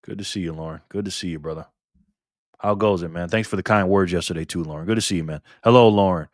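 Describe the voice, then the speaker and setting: A man's voice: low-pitched, fast talker, no echo, studio quality. A man hosting a casual live stream, greeting viewers by name and reading chat aloud in a friendly, chatty way while recovering from illness.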